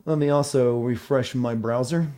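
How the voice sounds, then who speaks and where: A man's voice: medium pitch, steady tone, normal speed, warm tone. A man streaming a video game, chatting casually with viewers about connection problems and his play.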